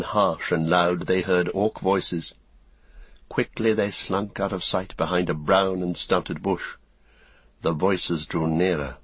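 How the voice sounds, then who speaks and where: Deep, husky male audiobook narrator. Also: dry recording, lo-fi sound. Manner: measured, deliberate reading. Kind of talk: scripted narration.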